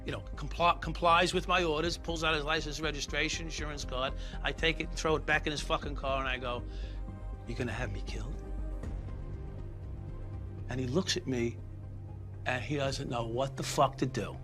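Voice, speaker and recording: A man's voice: fairly high pitch, fairly even intonation, a little fast. A middle-aged man, a former police officer telling his story bluntly in an interview, swearing heavily. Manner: blunt, heated, heavy swearing. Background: music.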